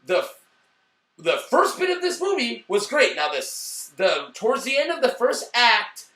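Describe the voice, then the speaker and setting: A man's voice: very high voice, a little slow, echoey room, recorded from a distance. Hoge, heldere man in een galmende kamer. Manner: animated, swearing, acts out lines in loud bursts. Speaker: movie reviewer. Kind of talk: casual review chat.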